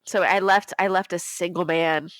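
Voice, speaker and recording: A young woman co-hosting a podcast, telling a story in casual chat, animated, laughing often and acting out quotes in high voices. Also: normal speed, no echo. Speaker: podcast co-host.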